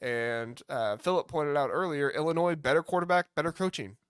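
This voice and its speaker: Man, sports podcast co-host, casual chat, higher pitch, dry close mic. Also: fairly quick, clean tone, no room sound. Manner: animated, reasoning aloud with fillers.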